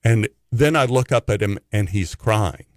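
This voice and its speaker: A man's voice: lowish voice, unhurried, no echo, clean studio sound. A man, an actor, telling a comic anecdote and acting out the people in it. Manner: animated storyteller who acts out the people in his tale. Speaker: actor telling stories as a guest.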